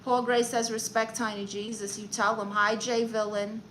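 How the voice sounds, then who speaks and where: A brash, chatty woman with a Brooklyn accent and a fairly high voice. She hosts an in-character comedy live stream, greeting viewers one after another and reading their comments aloud. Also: level tone, moderate pace, fairly bright tone, a little hiss or hum, rough recording. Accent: Brooklyn New York. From Brooklyn, New York. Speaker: livestream comedy host.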